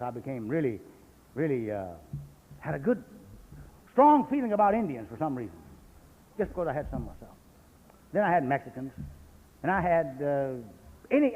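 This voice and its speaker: A man from San Jose giving a blunt, folksy recovery talk at a convention, full of profanity and stories. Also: high voice. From San Jose, California. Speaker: AA speaker. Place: convention hall. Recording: echoey hall on lo-fi 1980s cassette.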